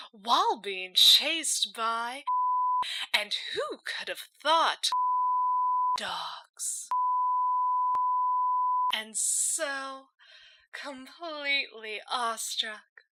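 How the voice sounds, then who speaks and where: A woman's voice: fairly high pitch, very noisy. A woman playing a chirpy female radio host who shares daily wisdom in gushing, theatrical broadcaster patter for an in-character segment.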